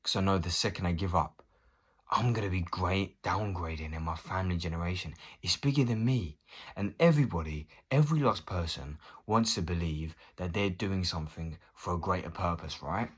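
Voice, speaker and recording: A man's voice: low voice, moderate pace, slightly rough. A man in his thirties ranting casually to camera, swearing and acting out both sides of conversations. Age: 30s. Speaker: vlogger.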